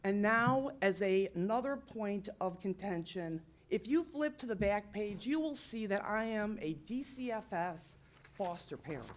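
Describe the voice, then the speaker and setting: Upset woman addressing a village council. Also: mid-range voice. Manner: upset, insistent, repeatedly apologizing for being upset. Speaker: resident speaking at public comment. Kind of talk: public comment at a council meeting.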